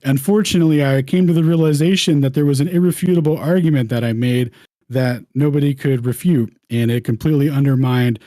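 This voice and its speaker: A man's voice: mid-range voice, brisk, warm tone, dry recording, studio quality, voice pushed up, lightly acted. A man doing an exaggerated posh English accent as a jolly older male physicist who is pleased with himself. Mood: jolly boasting. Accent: put-on English.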